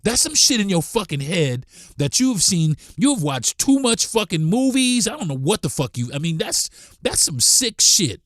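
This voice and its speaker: A man's voice: high voice, very animated, moderate pace, a bit bright, dry recording, studio quality. A man hosting a podcast, delivering a blunt, profane, heated monologue. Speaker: podcast host.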